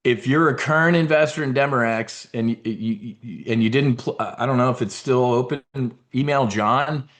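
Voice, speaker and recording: A man's voice: mid-range voice, normal speed, hardly any pauses. A middle-aged man hosting a live investing briefing, talking casually with blunt, swearing asides and rambling restarts.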